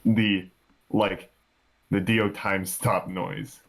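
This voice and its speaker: A man with a lowish voice takes his turn in an online tabletop game. He talks at an unhurried crawl, pausing with fillers as he works out what to say. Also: little pitch movement, vocal fry. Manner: slow and hesitant, with many fillers. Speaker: player. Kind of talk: casual tabletop play. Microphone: computer mic on a voice call.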